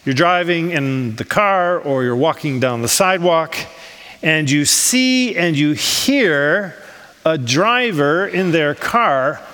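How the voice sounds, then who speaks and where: A man's voice: fairly high pitch, expressive, slow, pushed and bright, big-room sound. A man preaching a sermon as pastor, talking in a conversational way with rhetorical questions and frequent ums. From United States. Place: church in Switzerland.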